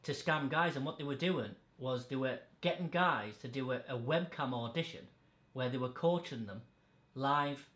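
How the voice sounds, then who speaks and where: A man's voice: medium pitch, moderate pace, hardly any pauses, fairly bright tone. Blunt, sweary man, echoey room. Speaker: podcast host. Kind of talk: casual chat.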